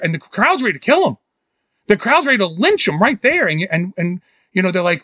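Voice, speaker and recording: Excitable guy gushing about movies, kinda high voice, acts out the scenes. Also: fairly quick, no room sound. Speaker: podcast co-host. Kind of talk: casual movie-review chat.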